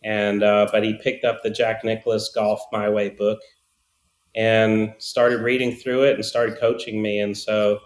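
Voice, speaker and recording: A golf coach in his fifties, from Australia but speaking with an American accent, appears as a podcast guest. His lowish voice is level and measured as he tells easygoing, joking, rambling anecdotes in a casual interview, with a roomy echo on the recording.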